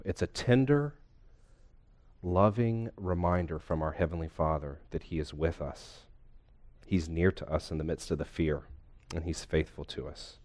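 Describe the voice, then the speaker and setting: A man delivers a sermon in a loose, conversational way, often asking his listeners questions. His voice sits on the low side. He talks like a pastor chatting with the room rather than reading a text. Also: expressive, moderate pace, a little mellow. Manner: conversational, asks the room questions, retells a comedy scene. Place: church hall with a congregation.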